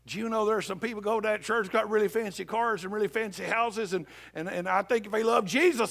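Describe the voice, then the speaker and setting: A male pastor preaching a sermon in a church, dropping to a hush for scripture and rising to shouts. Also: sits high, fast, vocal fry, hardly any pauses. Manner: swings from hushed scripture reading to loud shouted exhortation. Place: church sanctuary.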